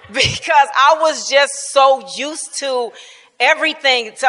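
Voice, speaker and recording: A woman in her fifties teaches a church Bible class with a bright, sharp-edged voice. She tells personal family stories earnestly and informally, laughing often. Her voice carries a long reverb from the church hall. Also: sits high, unhurried. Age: 50s.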